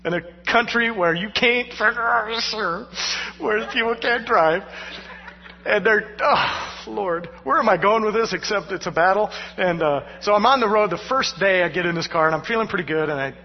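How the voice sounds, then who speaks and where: A male pastor preaching a sermon through personal stories, animated and poking fun at himself with frequent laughter. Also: high-pitched, moderate pace. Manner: animated, self-mocking, laughing between lines. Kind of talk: storytelling sermon. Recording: dull sound with long hall reverb.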